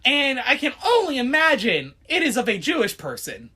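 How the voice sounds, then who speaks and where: Woman podcast co-host, lively storyteller, bright and high. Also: normal speed, slightly rough. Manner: animated, laughing storyteller, quotes people in put-on voices. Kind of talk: casual chat.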